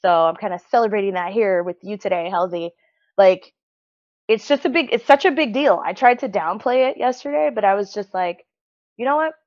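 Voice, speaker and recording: A woman's voice: mid-range voice, brisk, darkish tone. Earnest woman guest on a lo-fi line. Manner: earnest, heartfelt, reflective. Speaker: podcast guest. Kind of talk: personal story in casual interview. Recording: dull lo-fi sound.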